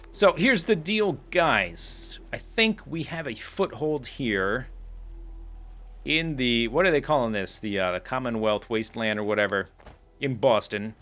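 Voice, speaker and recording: Male let's play host, rambling and chatty, lively pitch with a forceful edge. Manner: rambling, explains controls as he plays. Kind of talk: casual gameplay commentary.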